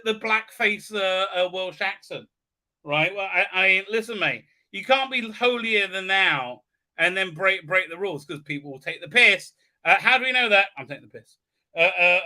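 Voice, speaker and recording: A man's voice: sits high, pushed and bright. A man hosting a live show, mocking what he watches in a crude, sarcastic way, full of "uh, uh" fillers and silly put-on voices. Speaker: host.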